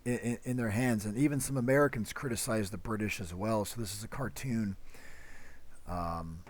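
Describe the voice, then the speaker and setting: A man's voice: fairly low pitch, normal speed. A man teaching a history lesson in a loose, conversational way, full of fillers and little acted-out quotes. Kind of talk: casual classroom lecture.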